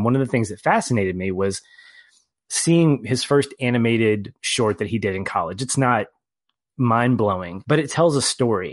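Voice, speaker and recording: Wry, low-voiced man on a podcast. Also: no echo. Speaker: podcast co-host. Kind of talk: casual film review chat.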